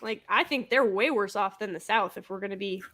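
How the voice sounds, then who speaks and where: A woman's voice: mid-range voice, fairly quick, a bit bright. A woman hosting her livestream, chatting playfully with guests on a call. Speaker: livestream host. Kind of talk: casual chat.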